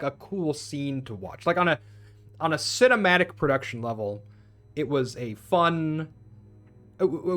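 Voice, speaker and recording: A film reviewer with a fairly high, slightly bright voice recaps a movie plot in a loose, profane rant. He keeps restarting and drifting off on tangents as he rambles.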